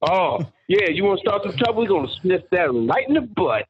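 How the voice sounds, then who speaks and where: A man's voice: sits high, big pitch swings, brisk, noisy background, pitched above the performer's own voice. A bellowing male army drill sergeant barks his garbled threats in a raised, strained voice, as a man imitates him. The sound comes through a narrow, tinny phone-like line. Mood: yelling. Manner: yelling, mangled threats.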